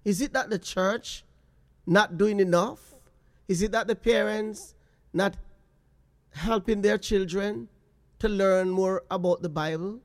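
A man hosting a talk radio call-in show, asking slow, probing questions. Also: high-pitched.

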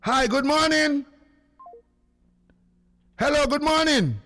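A man with a Jamaican accent hosting a lively call-in radio show, talking in patois and breaking into sung lines. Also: extremely high pitch, takes it slowly.

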